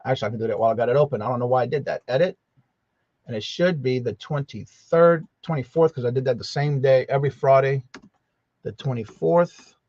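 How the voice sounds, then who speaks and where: A man's voice: medium pitch, fairly quick, a little mellow, no echo. A man hosting a casual morning livestream, greeting viewers by name in a chatty, drawling way. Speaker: livestream host. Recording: slightly dull, lo-fi sound.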